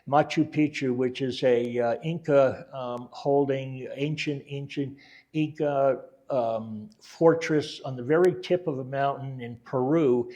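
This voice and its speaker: An older man telling his war story in a relaxed oral-history talk, wandering and correcting himself as he goes, with many fillers and dry quoted lines. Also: medium pitch, a little slow, muffled recording. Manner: rambling, backtracks and self-corrects, many fillers.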